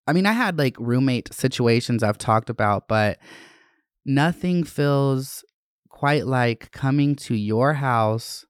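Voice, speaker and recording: A man's voice: mid-range voice, takes it slowly, smooth, dry recording, studio quality. Candid, profane man in his twenties. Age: 20s. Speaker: vlogger. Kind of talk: candid personal vlog.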